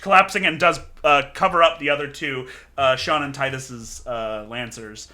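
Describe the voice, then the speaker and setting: Bright-voiced laid-back male game master. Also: medium pitch, steady tone, normal speed. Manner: loose, laughing, filler-heavy narration. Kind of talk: narrating a tabletop game.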